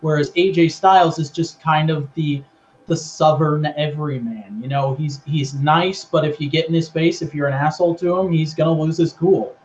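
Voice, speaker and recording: A man's voice: a little high, fairly even intonation, moderate pace, darkish tone, a little hiss or hum, rough recording. A man co-hosting a show, casually recapping a storyline and acting out the quotes as he tells it. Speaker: podcast co-host.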